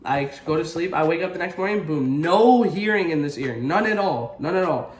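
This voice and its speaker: A young man vlogging casually, telling a story with swearing and loud, animated exclamations. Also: on the high side, moderate pace, echoey room. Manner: animated, swearing, rising to exclaims when retelling pain.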